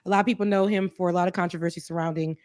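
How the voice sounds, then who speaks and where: A woman's voice: lowish voice, fairly even intonation, rapid-fire, darkish tone, dry recording, clean studio sound. A woman co-hosting a casual talk show, speaking earnestly and reflectively, rambling a little as she thinks aloud. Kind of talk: casual chat.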